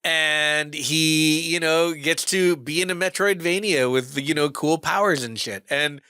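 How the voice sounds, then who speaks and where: Chill gaming podcast dude, bright crisp voice, rambling w lots of "you know". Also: male voice, fairly high pitch, a little slow, dry recording, clean studio sound. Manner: laid-back, chatty, lots of fillers. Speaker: podcast co-host. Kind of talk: casual chat.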